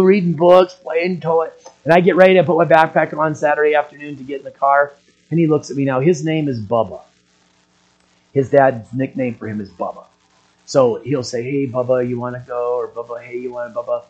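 An older man preaching a sermon, husky-voiced, often clearing his throat and building to emphatic, raised passages. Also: on the high side, a little mellow, muffled recording. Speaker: pastor.

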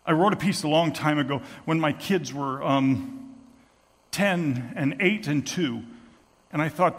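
A man preaching a sermon as a story, moving from hushed tones to shouting. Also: on the high side, a little slow, vocal fry, big-room sound. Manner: dramatic, swings from hushed to shouting.

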